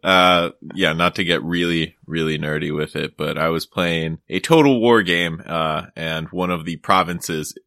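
A man's voice: low-pitched, steady tone, a little slow, few pauses, sharp tone, no echo, clean studio sound. A man co-hosting a podcast in casual chat, joking and rambling into silly stories. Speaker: podcast co-host.

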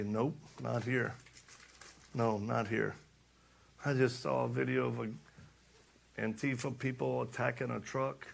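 A man's voice: mid-range voice, creaky, fairly bright tone, husky. A middle-aged man preaching a passionate sermon, repeating lines for emphasis and acting out stories with laughter. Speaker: speaker and preacher. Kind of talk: impassioned sermon with storytelling.

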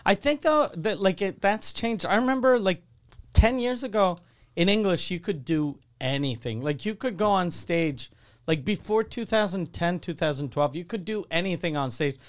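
A man who is a comedian, talking in animated, casual banter, swearing freely and mimicking people. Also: high voice, moderate pace.

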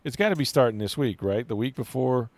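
A man's voice: mid-range voice, a little fast, darkish tone, dry recording. A man hosting a sports show, chatting casually about football with lots of fillers and restarts. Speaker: sports radio host.

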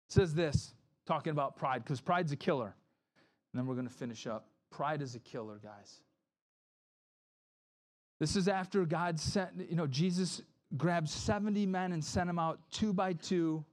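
This male pastor speaks at a normal speed in a fairly high voice, preaching conversationally. He dramatizes quotations with different voices, asks "right?" often, and begins sentences anew.

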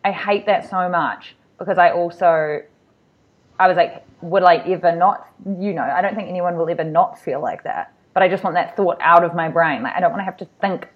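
A young woman co-hosting a podcast, telling animated stories and acting out what people said. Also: on the low side. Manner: animated storyteller, acts out quotes. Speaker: podcast co-host. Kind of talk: casual chat. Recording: muffled sound.

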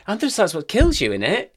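A man's voice: high-pitched, a little hiss or hum. A man, co-hosting a podcast, full of cheeky banter, teasing jokes and swearing. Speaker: podcast co-host. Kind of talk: casual chat.

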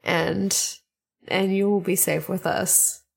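A woman's voice: medium pitch, steady tone, slow, creaky, slightly rough. A woman in a tabletop game who talks bluntly and swears freely. She laughs easily as she plays. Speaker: player. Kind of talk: playing a character in a tabletop game.

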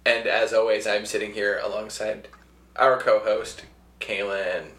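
A man's voice: lowish voice, level tone, measured pace, fairly bright tone, reverberant. An American man co-hosting a podcast in casual, teasing banter. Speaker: podcast co-host.

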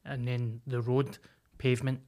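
A man's voice: mid-range voice, level tone, unhurried, a little mellow. A man co-hosting a podcast, laid-back and agreeable with coarse language. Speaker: podcast co-host. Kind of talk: casual chat.

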